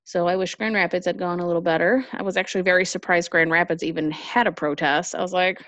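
A woman's voice: on the low side, fairly even intonation, fast, hardly any pauses, fairly bright tone, dry recording, lo-fi sound. Chatty woman, lots of ums. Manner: rambling, many ums and likes. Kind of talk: casual chat.

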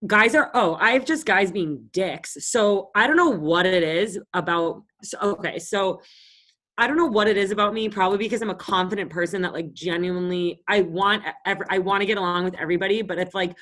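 A woman's voice: medium pitch, brisk, a bit bright. A woman in her late twenties, co-hosting a podcast in casual chat, telling stories in a blunt, profane, confident way. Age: late 20s. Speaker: podcast co-host. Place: Los Angeles.

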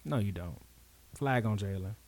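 A man's voice: fairly low pitch, lively intonation, moderate pace, darkish tone. A man co-hosting a podcast, giving blunt, scolding rants in casual sports chat. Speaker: podcast co-host.

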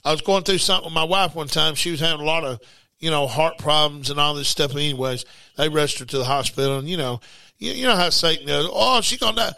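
A middle-aged man preaches a loose, conversational sermon to his broadcast listeners. His voice sits high and sounds bright and forceful, with a dry, close sound. He repeats words and breaks into shouts. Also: quick pace, creaky, no room sound.

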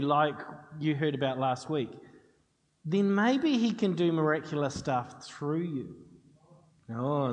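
A man preaching a sermon, telling a story in a chatty way and acting out the dialogue. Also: sits high. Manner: conversational storytelling with quoted dialogue. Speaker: pastor. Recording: long hall reverb.

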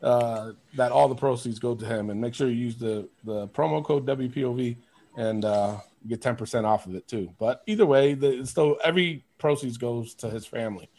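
A man hosting a podcast, telling stories in an animated, casual way, laughing often and swearing. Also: medium pitch, normal speed. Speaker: podcast host. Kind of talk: casual chat.

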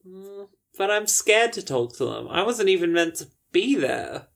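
A woman's voice: fairly low pitch, very animated, unhurried, creaky, heavily acted. A woman voicing an earnest, anxious young schoolboy who talks shyly in a tabletop game. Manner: shy, earnest.

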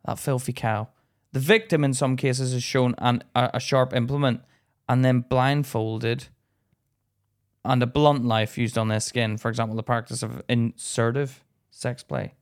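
A young British man co-hosting a podcast in casual chat, joking, laughing often and reading aloud haltingly. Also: mid-range voice, level tone. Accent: British English. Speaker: podcast co-host.

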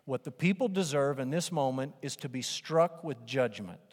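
A man's voice: mid-range voice, normal speed. A male pastor preaching a sermon, animatedly acting out the voices of the doubters and of Moses. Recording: preaching in a reverberant hall.

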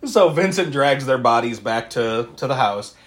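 A man co-hosting a podcast, retelling a horror movie in animated, laughing, swearing casual chat. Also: medium pitch, normal speed. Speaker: podcast co-host.

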